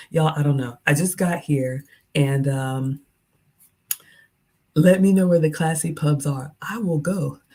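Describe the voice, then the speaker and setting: A woman's voice: low-pitched, warm tone, slightly rough. A middle-aged woman from the American South with a Southern accent, chatting casually with her viewers on a livestream and reading out their comments in a playful way. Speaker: cooking and lifestyle livestreamer.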